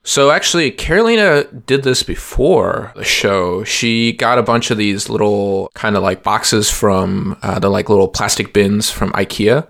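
Gravelly low man chatting casually. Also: unhurried, few pauses, a bit bright. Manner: rambling, full of "like" and restarts. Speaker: podcast co-host. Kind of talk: casual chat.

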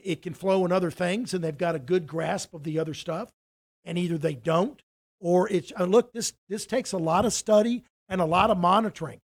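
Speaking in a high pitch, this middle-aged man, who works as a financial advisor, spins a casual, rambling tale full of false starts. Whenever he quotes someone, he performs the lines.

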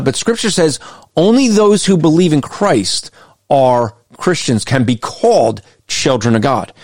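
A man giving critical Christian commentary, emphatic and argumentative, slowing down whenever he reads a quote aloud. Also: on the high side, darkish tone, no echo, studio quality. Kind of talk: critical commentary on a list of values.

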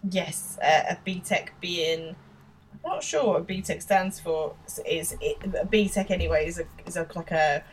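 Low-voiced woman, a little off-mic. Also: recorded from a distance, slight background noise, low-quality recording. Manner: halting, searches for words with restarts. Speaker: podcast co-host. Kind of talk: casual episode recap and review.

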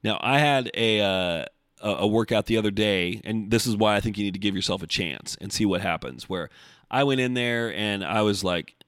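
A man's voice: fairly low pitch, moderate pace, a bit bright, smooth, no room sound, studio quality. A man hosting a casual solo podcast from home, blunt and profane, rambling with restarts. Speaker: podcast host. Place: home, recording before the gym.

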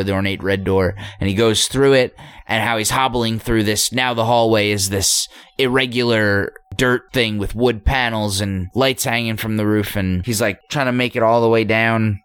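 A man in casual chat, talking through a story he read, halting with many restarts and fillers. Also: on the low side, fairly even intonation, fairly bright tone, clear, resonant tone, no room sound. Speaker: story discussion co-host.

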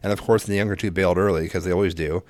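A man's voice: sits low, fairly even intonation, racing, darkish tone, no echo. A middle-aged man chatting casually, rambling and cursing in frustration as he tells a family story. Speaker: parent in a couple's chat. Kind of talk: casual conversation.

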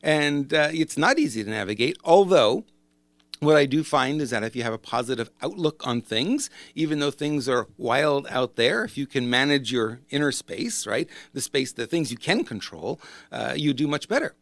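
A man's voice: mid-range voice, animated, moderate pace, a bit bright. A man speaks in a loose, rambling way as a business coach, circling back and restarting his thoughts. His voice sits in an ordinary middle register. The recording is dry and close, with no room echo. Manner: rambling, conversational, self-correcting. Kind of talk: casual monologue to camera.

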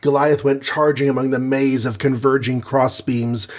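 A man's voice: mid-range voice, little pitch movement, moderate pace. A man narrating a dramatic adventure storybook with vivid delivery.

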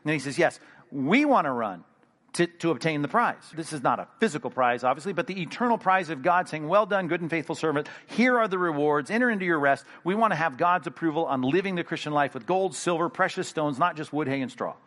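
A male pastor preaching a sermon in an animated, emphatic way, with sudden loud bursts. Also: a little high, brisk.

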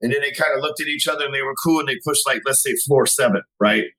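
A man's voice: mid-range voice, quick pace, bright, forceful tone, rough recording. A man in his forties, a podcast guest, telling a casual story with plenty of swearing and acted-out dialogue. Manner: swears freely and acts out the dialogue in his stories. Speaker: podcast guest, sales company CEO.

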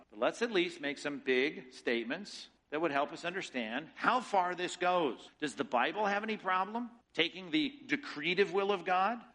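Emphatic bright-voiced male pastor preaching. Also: on the high side, low-quality recording. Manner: rhetorical questions, emphatic teaching. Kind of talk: sermon.

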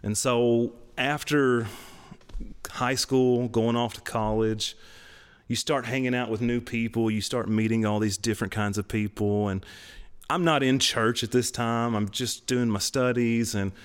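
A man, telling his testimony in casual podcast talk, animated and laughing, his voice jumping way up for emphasis. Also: medium pitch, unhurried, clear, resonant tone. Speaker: podcast co-host.

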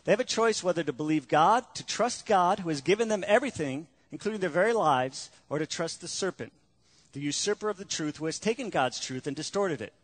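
A man's voice: on the high side, expressive, fairly quick. A male pastor preaching a sermon, earnest and emphatic, with frequent rhetorical questions.

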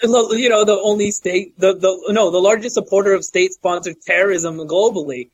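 A man's voice: high voice, fairly quick, dull audio. A man co-hosting a podcast, telling rambling, profane stories in casual banter. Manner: rambling, profane, animated storytelling. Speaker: podcast co-host.

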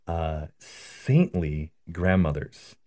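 A priest explains prayer in an earnest, conversational way and tells stories as he goes. His voice sits very low. He often checks in with a quick "right?". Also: animated, warm tone. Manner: earnest, storytelling, repeats "right?".

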